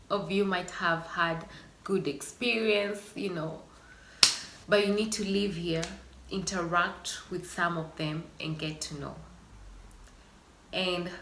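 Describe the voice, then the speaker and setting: Woman vlogging, earnest and emotional, sighs a lot, bright forceful voice. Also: lowish voice, a little hiss or hum. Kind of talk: personal vlog monologue. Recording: echoey room.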